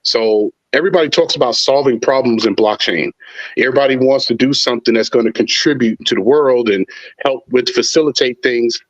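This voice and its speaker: A man's voice: medium pitch, fairly quick. Laid back guy talking slang about his show, kinda dull lo-fi sound. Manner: relaxed, slangy, enthusiastic. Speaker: podcast guest, trivia show creator. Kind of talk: casual chat.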